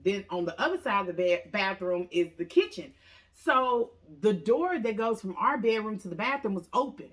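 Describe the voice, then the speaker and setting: Addressing viewers directly and repeatedly saying "y'all," a woman shares a story in a relaxed, animated way at a moderate pace. When she quotes people, she acts out their words with big leaps in her voice.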